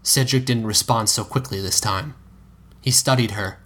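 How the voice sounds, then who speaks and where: A man reading a piece of fan fiction aloud in a steady storytelling manner, now and then correcting himself. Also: mid-range voice, moderate pace, breathy edge. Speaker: narrator.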